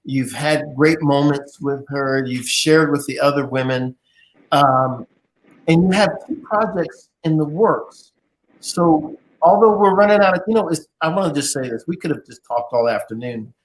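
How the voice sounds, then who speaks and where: A man hosts a live interview show in a jovial, teasing manner. His speaking voice sits fairly high for a man. He keeps the talk lively and playful. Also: moderate pace, slight background noise. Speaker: host.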